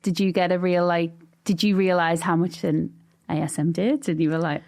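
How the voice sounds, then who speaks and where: A woman's voice: on the low side, steady tone, moderate pace, a little mellow. A woman hosting an interview podcast, asking chatty questions and giving short encouraging replies. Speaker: podcast host. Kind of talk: casual interview chat.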